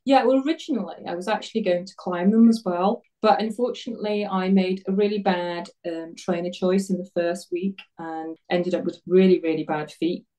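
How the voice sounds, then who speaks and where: A woman's voice: fairly low pitch, steady tone, fairly quick, hardly any pauses, mellow, recorded from a distance, low-quality recording. A woman in her fifties, a guest telling her story in a casual interview, chatty and self-deprecating, often laughing at herself.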